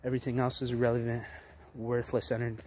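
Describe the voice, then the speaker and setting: A man's voice: medium pitch, monotone, fast, a little hiss or hum. A man in his late twenties giving a blunt, heavily profane motivational rant straight to the camera, full of restarts and repetitions. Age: 20s. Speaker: vlogger.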